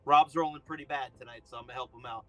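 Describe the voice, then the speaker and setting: A man's voice: mid-range voice, steady tone, very fast, no echo, faint music behind. A man playing a tabletop game, laying out tactics in a laid-back, casual way. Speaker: player.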